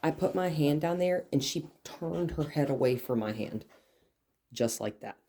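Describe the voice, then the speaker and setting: A woman dog trainer explains her work while handling a dog, her voice low and dark. She speaks calmly and at times softly to soothe the animal. Faint noise and dog sounds sit behind her. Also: a little slow. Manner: soothing, soft talk to the dog.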